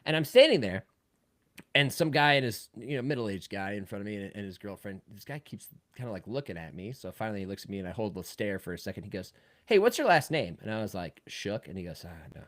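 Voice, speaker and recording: A man from Cleveland co-hosting a podcast, telling a long story in a lively way that swings between loud outbursts and quiet asides. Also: on the low side, fast talker. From Cleveland, Ohio. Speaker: podcast co-host. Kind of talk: casual chat, telling a story.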